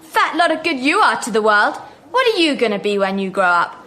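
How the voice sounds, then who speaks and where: A woman's voice: on the high side, sing-song, fairly quick, pushed and bright, slight background noise. An actress playing a spoiled, haughty rich schoolgirl with a posh English accent, snobbish and whining, in a radio drama. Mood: haughty, furious. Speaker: schoolgirl character. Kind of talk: BBC radio drama acting.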